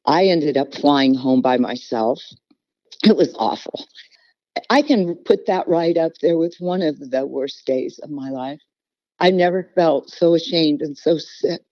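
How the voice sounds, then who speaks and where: A woman's voice: low-pitched, dry recording. Middle-aged woman, podcast guest, earnest and emotional storyteller, dry lo-fi sound. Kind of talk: personal storytelling interview. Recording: dull, lo-fi podcast audio.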